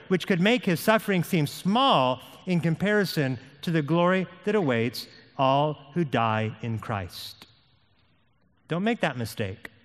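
A man's voice: a little high, fairly bright tone. A man preaching a sermon as pastor, with an impassioned delivery that rises and falls. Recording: long hall reverb.

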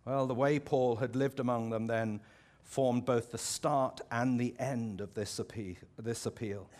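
An English pastor delivers a sermon in a relaxed, conversational manner. His voice sits at an ordinary middle pitch, and he thinks aloud with asides and restarts. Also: unhurried. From England.

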